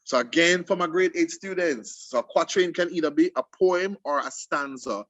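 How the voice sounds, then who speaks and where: Animated man with a lilt. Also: fairly high pitch, moderate pace, dry recording, highs cut off. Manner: animated, emphatic explainer with restarts. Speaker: host. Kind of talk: casual literary discussion for students.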